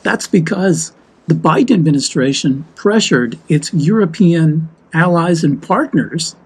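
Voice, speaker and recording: A man's voice: fairly high pitch, a little mellow, husky, poor audio. A man from the United States talking heatedly and emphatically in a walk-and-talk vlog. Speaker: vlogger.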